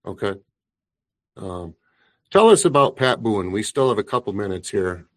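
A man's voice: fairly low pitch, very animated, moderate pace. A man hosting a talk show, chatting with his guest in an easygoing, plain-spoken way.

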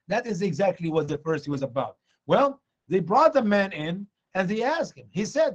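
Brief: excitable male preacher, high voice that leaps all over, acts out scenes. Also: normal speed, few pauses. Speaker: guest preacher. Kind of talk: animated evangelistic teaching.

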